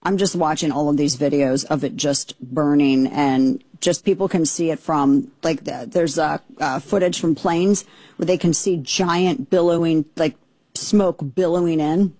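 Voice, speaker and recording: A woman's voice: sits low, a little slow, mellow, dry recording. A woman hosting political commentary, indignant and exasperated, rambling with frequent restarts. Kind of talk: opinionated commentary.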